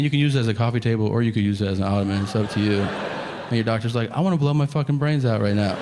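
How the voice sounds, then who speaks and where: Stand-up comedian acting out stories. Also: male voice, mid-range voice. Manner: animated storytelling, acting out both sides of conversations. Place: comedy club stage. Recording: live club set with hall reverb and audience noise. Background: audience laughter.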